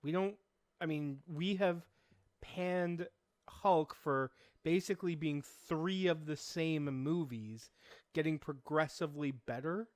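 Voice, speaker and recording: Podcast guy with a higher voice, dry wry delivery, asks the questions, dead dry room. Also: takes it slowly, dry recording. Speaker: podcast co-host. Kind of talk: casual podcast chat.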